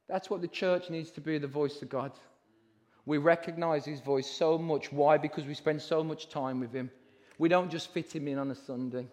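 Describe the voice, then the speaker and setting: Passionate high-voiced preacher, echoing hall. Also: male voice. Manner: passionate, rising to shouts. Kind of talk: sermon. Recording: hall reverb.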